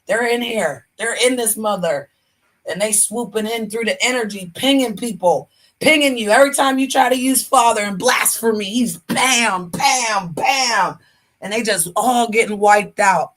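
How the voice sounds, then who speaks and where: Brief: bright, sassy woman streamer preaching to her chat, emphatic, honey-this honey-that. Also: fairly high pitch, measured pace. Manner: talks straight to her chat. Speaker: livestream host. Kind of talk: casual livestream monologue with preaching.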